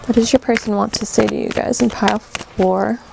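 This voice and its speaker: A woman giving a casual pick-a-card tarot reading, excitable and quick to laugh, talking straight to her viewers, her voice a little worn. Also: mid-range voice, vocal fry, noisy background. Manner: excitable, laughs often, addresses viewers directly. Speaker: tarot reader. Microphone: camera on table while shuffling cards.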